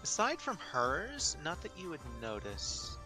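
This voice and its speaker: A man running a tabletop game as game master, narrating scenes in a relaxed, descriptive way. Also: fairly high pitch, measured pace. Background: music.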